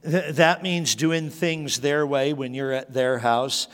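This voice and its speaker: A man's voice: mid-range voice, fairly even intonation, takes it slowly, fairly bright tone. A middle-aged man preaching a sermon as a pastor, telling stories with frequent restarts. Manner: storytelling with repeated restarts. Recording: long hall reverb.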